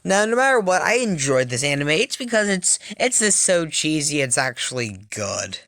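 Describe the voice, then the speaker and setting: A man's voice: on the high side, big pitch swings, moderate pace, pushed and bright, dry recording. A man giving casual, rambling commentary on a cartoon, correcting himself often and laughing as he goes. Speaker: video commentator.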